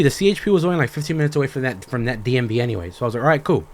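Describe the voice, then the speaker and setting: A young man hosting a podcast, telling a story in a profane, animated rant and acting out both sides of the conversations. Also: mid-range voice, very fast. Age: young adult. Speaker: podcast host. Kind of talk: ranting casual storytelling.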